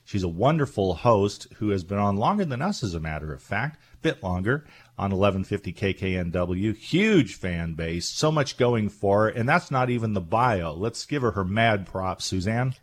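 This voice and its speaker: A man's voice: lowish voice, sing-song, moderate pace. A man hosting a radio talk show, chatting in an effusive, jokey way. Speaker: radio host. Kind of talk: casual radio chat.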